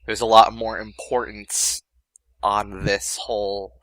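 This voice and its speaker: A young man talks through a film in casual commentary, his voice slightly low yet bright. The mic is close and dry with no room sound. He halts, stammers and restarts as he works out his thoughts. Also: little pitch movement, no room sound, low-quality recording. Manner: halting, stammers and restarts, laughs at himself. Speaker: commentary co-host. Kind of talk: casual movie commentary chat.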